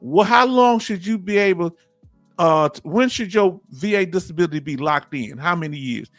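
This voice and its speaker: A man hosts a casual live stream, reading out comments and drifting into family stories. His voice sits high for a man, and the sound is dry and close. Soft music plays faintly behind him. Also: expressive, normal speed, no room sound. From Texas. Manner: folksy, storytelling, reads chat aloud. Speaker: host. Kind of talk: casual livestream chat.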